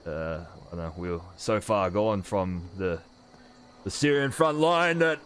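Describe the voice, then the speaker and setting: A man voicing a blunt, weary male soldier veteran in a tabletop game, gruff and casual, trailing off as he speaks. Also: on the low side, expressive, unhurried, a bit bright, a little hiss or hum. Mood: somber.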